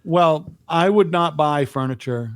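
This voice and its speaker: A man's voice: on the high side, a little slow, clean tone, no room sound, clean studio sound. A middle-aged man co-hosting a podcast, telling rambling, profane stories in casual chat. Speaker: podcast co-host.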